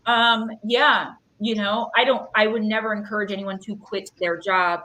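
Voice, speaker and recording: A woman's voice: mid-range voice, steady tone, moderate pace, pushed and bright, a little hiss or hum. A woman in her thirties giving chatty, rambling card readings on a live stream in an echoey room. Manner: chatty and rambling, fillers, emotional. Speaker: intuitive card reader.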